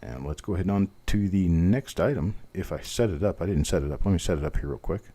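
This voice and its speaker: A man's voice: low-pitched, expressive, quick pace, warm tone. A man hosting a live online coin auction, calling bids in a rhythmic patter and joking about himself between lots. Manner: chatty, self-deprecating, rhythmic bid calling. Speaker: auctioneer host.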